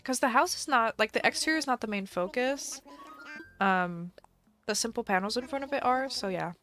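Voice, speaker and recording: A woman's voice: a little high, lively intonation, normal speed, fairly bright tone, soft background music. A woman streamer chatting casually on a live game stream, thinking aloud and musing indecisively as she plays.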